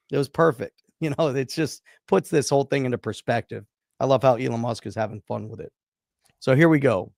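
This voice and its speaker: A man's voice: mid-range voice, vocal fry, darkish tone, no room sound, studio quality. A man co-hosting a live stream podcast, chatting upbeat and reading out viewer comments. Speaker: podcast co-host.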